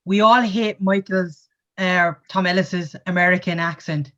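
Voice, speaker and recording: A woman's voice: lowish voice, fairly even intonation, measured pace, fairly bright tone. Blunt lady guest on a zoom call, kinda dull muffled audio. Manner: blunt, swears. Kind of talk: casual chat. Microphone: video call.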